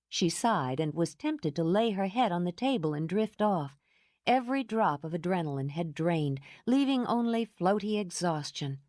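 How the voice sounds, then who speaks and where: A woman narrating an audiobook in an expressive storytelling manner. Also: on the low side, moderate pace, no echo, studio quality. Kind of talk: scripted narration.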